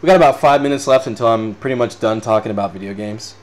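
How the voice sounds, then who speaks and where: A man in his twenties hosts an unscripted podcast and reacts to chat comments as he goes. His voice sits at an ordinary middle pitch. He rambles, swears freely and breaks into laughter often. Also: fast. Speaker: podcast host. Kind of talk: unscripted casual chat reading live comments.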